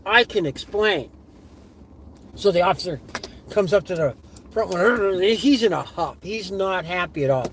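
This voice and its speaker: Middle-aged guy telling a story as he drives, animated, road noise behind him. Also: sits high, moderate pace, poor audio. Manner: animated, acts out quoted voices. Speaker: live streamer. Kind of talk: casual storytelling while driving. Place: inside a car on the road.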